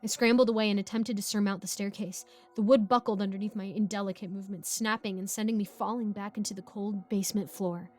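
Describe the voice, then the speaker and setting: A woman reading a first-person horror story aloud in a measured, steady scripted narration. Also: medium pitch. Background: background music.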